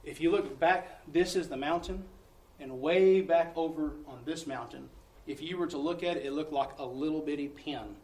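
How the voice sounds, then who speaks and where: A man's voice: fairly high pitch, normal speed, few pauses, darkish tone. A man, a missionary preacher telling testimonies in a folksy sermon style, acting out the dialogue. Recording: echoey room, distant mic, faint ambience.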